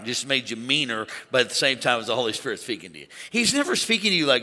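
Bright-voiced male preacher in a hall. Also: medium pitch, fast talker. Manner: animated preaching, calls for congregation to shout. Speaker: pastor. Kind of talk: sermon. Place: large church auditorium. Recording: long hall reverb.

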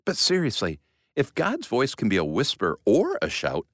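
A man co-hosting a kids' faith show, goofy and excitable in playful scripted chat. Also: mid-range voice, moderate pace, no room sound, clean studio sound.

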